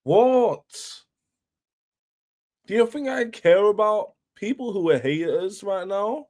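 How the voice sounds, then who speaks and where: A man's voice: high voice, animated, moderate pace, a little mellow. A young man hosting a football fan livestream, boastful and taunting, repeating himself as he rants. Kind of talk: livestream rant.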